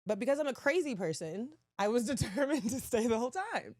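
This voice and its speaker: A woman in her thirties, a podcast guest telling stories in casual, lively chat with frequent laughs. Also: on the high side, a little fast, no room sound, studio quality. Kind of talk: casual chat, animated storytelling.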